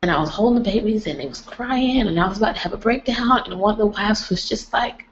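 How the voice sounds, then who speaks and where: A woman's voice: medium pitch, animated, fast talker. A young woman chatting on a livestream, rambling and folksy. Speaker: vlogger. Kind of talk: casual livestream chat. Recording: lo-fi livestream audio.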